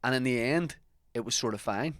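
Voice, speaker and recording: A man's voice: medium pitch, a little fast, fairly bright tone, dry recording, studio quality. A young man co-hosting a podcast, telling a long self-mocking anecdote in casual chat. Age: young adult. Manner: rambling anecdotes, self-mocking, laughs at himself. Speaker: podcast co-host.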